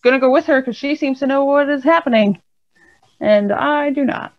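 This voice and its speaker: A woman's voice: high-pitched, moderate pace. A woman playing in a tabletop horror game, speaking casually and wryly. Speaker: player. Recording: dull, dry lo-fi audio.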